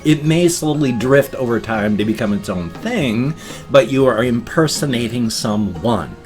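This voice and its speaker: A man's voice: mid-range voice, lively intonation, measured pace, a little mellow, soft background music. A tired man in his fifties rambling through a casual vlog, explaining things at length with restarts. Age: 50s. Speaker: vlogger.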